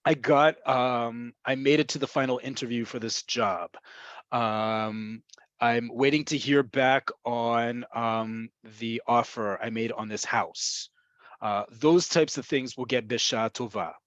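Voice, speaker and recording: A man's voice: medium pitch, slow pace, a bit bright, no room sound, highs cut off. A man teaching a webinar lesson on Hebrew expressions, explaining pronunciation and often checking in with "right?". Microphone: webinar computer mic.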